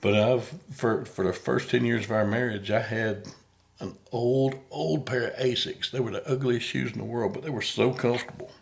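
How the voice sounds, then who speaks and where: A man's voice: medium pitch, fairly even intonation, moderate pace, gravelly. A man hosting a podcast in casual conversation, folksy and rambling, often repeating words as he starts a thought. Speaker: podcast host.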